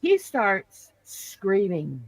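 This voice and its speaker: A woman hosting a live stream, telling a story in an indignant, animated way. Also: mid-range voice, drawn-out words, rough recording. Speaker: livestream host. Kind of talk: casual chat.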